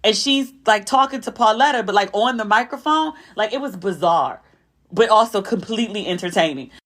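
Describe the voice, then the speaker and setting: A woman hosting a podcast, telling stories in a chatty, animated way with asides to her listeners. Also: medium pitch, fairly quick. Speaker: podcast host. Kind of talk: casual storytelling recap.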